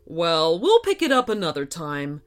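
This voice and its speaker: A woman voicing a kind, gentle father speaking fondly to his young daughter. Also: lowish voice, huge pitch swings, normal speed, faint music behind.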